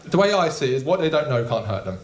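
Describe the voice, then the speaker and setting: A young man doing a stand-up comedy set in a small club, deadpan and casual with frequent ums. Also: medium pitch, quick pace, crowd noise. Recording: echoey room.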